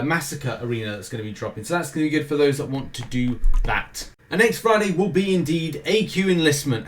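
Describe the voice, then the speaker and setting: A British man talks through a game's weekly schedule in a loose, rambling way. He keeps breaking off for jokey, self-mocking asides. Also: fairly high pitch. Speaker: gaming show host. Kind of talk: casual weekly game schedule rundown.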